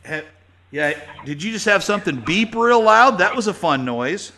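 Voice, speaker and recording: A man hosts a casual call-in talk show in a chatty, upbeat way, with loose fillers between his thoughts. His voice sits a bit high and has a bright, forceful edge. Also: animated, normal speed, a little hiss or hum. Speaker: podcast host.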